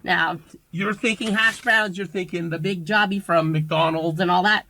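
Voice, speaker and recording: A grumpy food reviewer gripes his way through a fast-food review clip played on a stream. His voice is bright and sharp, and his delivery is steady and complaining. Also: mid-range voice, a little hiss or hum, rough recording.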